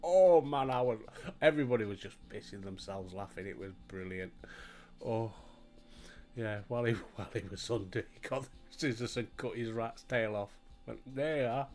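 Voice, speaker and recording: While playing a game for his video, this Yorkshire-accented host in his sixties rambles through casual stories and chat, laughing a lot. He speaks at a normal speed in a lowish voice with fairly even intonation, with faint music behind him.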